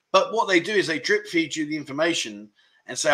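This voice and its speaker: A livestream host with a voice on the high side sounds bright, forceful, and expressive, and he speaks fast. In his casual chat stream he reads viewer comments aloud and chats about them, with plenty of filler words.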